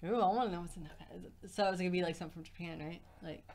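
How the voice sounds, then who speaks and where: A woman co-hosting a live stream, chatting in a relaxed way and reading viewer comments aloud. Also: fairly low pitch, racing, crowd noise. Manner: relaxed, laughs easily, reads viewer comments. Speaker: co-host. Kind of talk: casual live-stream chat.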